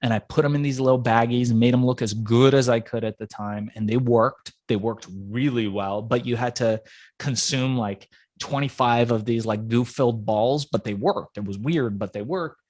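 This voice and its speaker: Dry-voiced man telling a lively story. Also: medium pitch, moderate pace, no room sound. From Iran. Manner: acts out voices of people in his stories. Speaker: entrepreneur guest. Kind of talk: animated storytelling in an interview.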